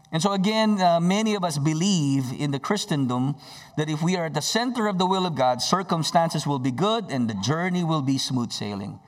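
A man preaching a sermon, retelling scripture with dramatic rises and drops in his voice. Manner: dynamic preaching with sudden swings in pitch and volume. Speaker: pastor.

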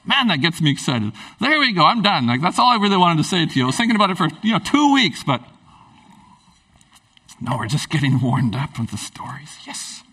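A man's voice: a little high, very animated, a little fast, pushed and bright, husky, recorded from a distance, poor audio. A man preaching a sermon in a conversational, emphatic way. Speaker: pastor.

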